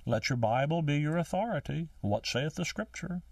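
An older man preaching a sermon, emphatic, slowing down to stress key phrases. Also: on the high side, expressive, vocal fry, a little mellow, no echo, far from the mic.

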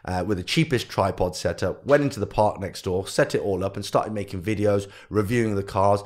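A young man with a low voice tells his story as a podcast guest, bringing his parents and teachers to life as he quotes them. He speaks casually and with energy, and his voice swings up when the story gets lively. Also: fairly quick. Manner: animated storyteller who acts out quotes of family. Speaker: guest entrepreneur.

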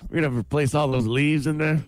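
A man's voice: on the high side, fairly even intonation, quick pace, darkish tone, faint music behind. A man co-hosting a radio show, telling rambling stories and laughing easily. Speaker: radio co-host. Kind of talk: casual radio banter.

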